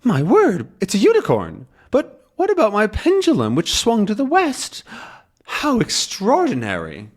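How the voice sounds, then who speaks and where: A man voicing a deaf, confused old male professor from a comic, in a high, excited voice. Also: measured pace, slightly rough, heavily acted. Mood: astonished.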